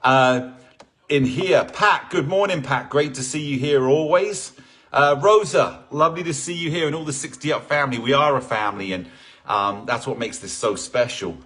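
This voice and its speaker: A man's voice: medium pitch, moderate pace, a bit bright. A man teaching a live online exercise class, chatting in an upbeat, rambling way and greeting people by name over a video call. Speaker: fitness instructor.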